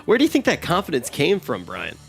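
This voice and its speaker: A man's voice: a little high, huge pitch swings, fairly quick, gravelly, soft background music. A man hosting an esports analysis desk, upbeat and leading with questions. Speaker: desk host.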